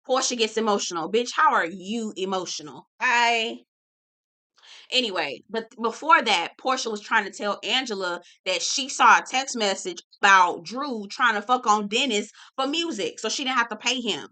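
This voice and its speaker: A woman giving a casual, profane reality TV recap, sassy and animated, calling everyone "girl". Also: fairly high pitch, moderate pace.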